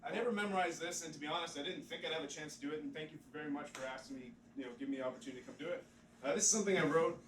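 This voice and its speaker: Male stand-up comic with a rambling, offhand delivery, slightly high voice, heard from afar in a roomy pub. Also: rapid-fire, far from the mic, slight background noise. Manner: rambling and offhand, full of "like" fillers. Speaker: stand-up comedian. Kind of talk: live stand-up comedy. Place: pub stage, live audience.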